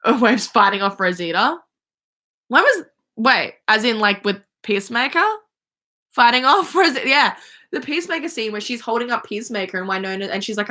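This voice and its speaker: Young woman livestream host, bright voice, excitable fan rambling. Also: mid-range voice, a little fast. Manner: chatty, gushing, many fillers and restarts. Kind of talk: casual fan chat. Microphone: phone or webcam.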